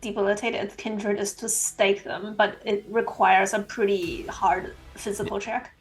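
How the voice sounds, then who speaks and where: A woman's voice: mid-range voice, fairly even intonation, unhurried, breathy edge, rough recording. A woman playing in a tabletop role-playing game, speaking matter-of-factly. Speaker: player.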